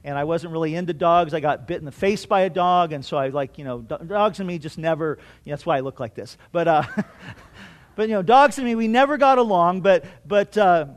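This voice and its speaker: A middle-aged male pastor preaching a sermon, telling a personal story earnestly and swinging between loud and hushed. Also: fairly high pitch, brisk. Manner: earnest storytelling with restarts and strong swings in loudness.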